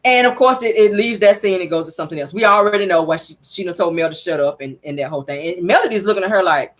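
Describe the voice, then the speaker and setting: A woman recapping a reality show episode in a sassy, animated, gossipy way. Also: lowish voice, fast, hardly any pauses. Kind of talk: casual recap commentary.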